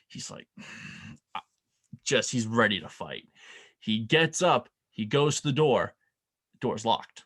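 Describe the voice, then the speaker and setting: A man co-hosting a casual podcast, telling a story and acting out the people in it with lively quoted voices. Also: mid-range voice, takes it slowly, pauses often. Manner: animated, acts out quoted voices. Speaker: podcast co-host.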